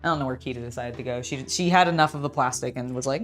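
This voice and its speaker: A young woman with a low, deep voice chats loosely as she builds LEGO, rambling with plenty of "like" and "um" and cooing at her cat now and then. Soft music plays faintly behind her. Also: rapid-fire. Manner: chatty and rambling, talks to her cat, many fillers. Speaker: LEGO builder and channel host. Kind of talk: casual building vlog chat.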